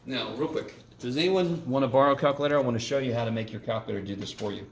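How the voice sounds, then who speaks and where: A casual man lecturing a math class, recorded from across an echoey room with faint noise behind him. His voice has a gravelly edge, and he jokes and swears mildly as he teaches. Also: mid-range voice, racing, recorded from a distance. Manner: casual and joking, with mild swearing.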